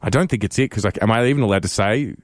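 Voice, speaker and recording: A man's voice: lowish voice, rapid-fire, no echo, studio quality. A man, a radio co-host who jokes about himself in casual banter. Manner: self-deprecating, joking.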